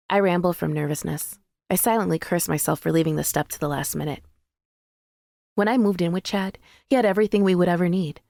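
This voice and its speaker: A woman narrating a first-person audiobook in a measured, intimate way, recorded in a dry studio booth. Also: on the low side, vocal fry, warm tone, no echo.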